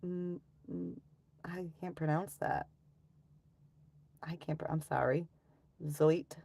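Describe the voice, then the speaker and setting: Low gravelly woman ranting on a stream. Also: takes it slowly, warm tone, no echo. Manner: ranting, swearing, sighing often. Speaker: live streamer. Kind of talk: casual live-stream chat.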